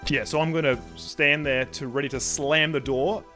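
A man's voice: on the high side, steady tone, normal speed, bright, forceful tone, faint music behind. A man playing a tabletop game, joking and describing his moves eagerly. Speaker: player.

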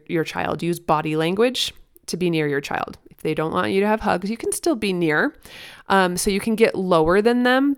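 A woman's voice: fairly low pitch, clean tone. A woman hosting a parenting podcast, talking earnestly and encouragingly in a casual, conversational way with fillers. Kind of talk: solo podcast advice talk.

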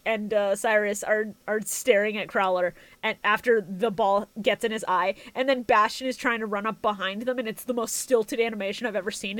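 A woman co-hosting a casual podcast, swearing freely and quick to laugh. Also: on the high side, no room sound. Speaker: podcast co-host.

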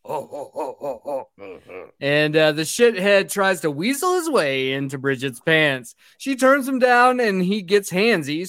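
A man's voice: on the high side, a bit bright, dry recording, clean studio sound. A man hosting a boozy movie podcast, recapping a film from his script with swearing and jokes. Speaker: podcast host.

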